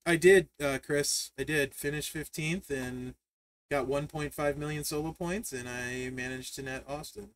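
A man hosts a live stream and tells stories in a lively, chatty way, laughing often. His voice sits a little higher than most men's. He talks through a desk mic. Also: measured pace, dry recording. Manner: animated storyteller, laughs often, reads chat aloud. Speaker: livestream host. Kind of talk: casual livestream chat.

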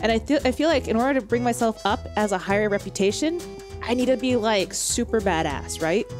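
A woman hosting a gaming video, chatting excitedly and reading game text aloud. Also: fairly high pitch, fairly quick, music in the background.

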